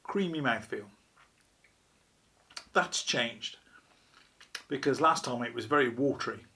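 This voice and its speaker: A man's voice: medium pitch, slow, gravelly, sharp tone. A man hosting a casual beer review vlog, chatty and wry, poking fun at himself. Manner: chatty, wry, self-deprecating.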